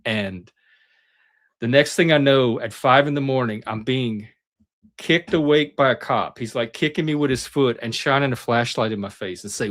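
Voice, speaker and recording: The middle-aged man, sitting on a talk panel, spins casual personal anecdotes at a normal speed in a medium-pitched voice, animatedly performing the voices of the people he quotes.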